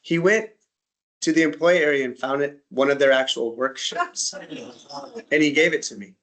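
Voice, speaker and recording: A man's voice: on the high side, moderate pace, fairly bright tone. A man from the United States presenting a casual slide-show talk, a chatty storyteller who acts out little dialogues. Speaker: presenter at an interest group talk.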